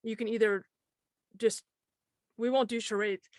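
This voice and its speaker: A woman's voice: on the high side, fairly even intonation, no room sound. Playful woman co-host on a dry video call. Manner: playful, brisk, repeats prompts. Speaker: co-host running a party game. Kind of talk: casual chat over video call.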